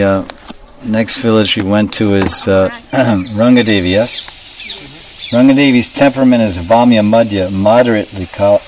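A man giving a devotional class, explaining terms and asking his listeners questions. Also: on the low side. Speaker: spiritual teacher. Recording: distant mic, faint background noise.

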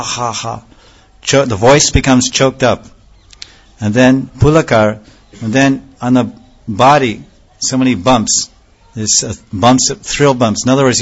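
A man giving a devotional lecture as a spiritual teacher, explaining slowly and repeating phrases and scripture terms as he goes. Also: mid-range voice, muffled recording.

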